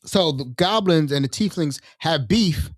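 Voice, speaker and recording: A young adult man hosting a casual solo podcast, telling stories in an animated, slangy way and jumping into voices for quotes. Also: a little high, measured pace, no echo, clean studio sound. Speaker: podcast host.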